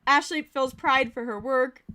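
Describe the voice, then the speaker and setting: A woman's voice: sits high, unhurried, sharp tone. A woman streamer giving casual, giggly commentary as she reads game events aloud.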